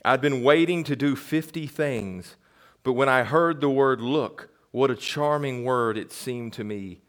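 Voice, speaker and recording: A middle-aged male pastor delivering a sermon, reading a quoted testimony. He speaks in a measured way and often swells to loud emphasis. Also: medium pitch.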